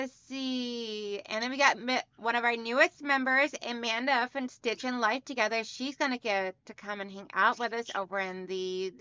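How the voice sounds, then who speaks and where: Here the quilting livestream host sounds a little high, pushed and bright, her tone clear and resonant. She greets viewers by name and reads out their comments in a chatty, upbeat way, captured in a dry, slightly dull home recording.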